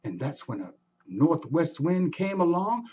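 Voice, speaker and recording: A man telling a folktale in an animated way, adding sound effects and inviting the audience to join in. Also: on the high side, a little slow, highs cut off, noisy background. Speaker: storyteller. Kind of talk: folktale storytelling performance.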